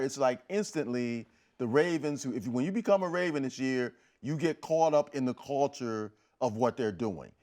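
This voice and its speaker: A man speaking on a studio sports panel in a mid-range voice. He builds his points in a calm, measured way, like a seasoned writer. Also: medium pitch. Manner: measured, steady reasoning. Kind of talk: casual panel chat.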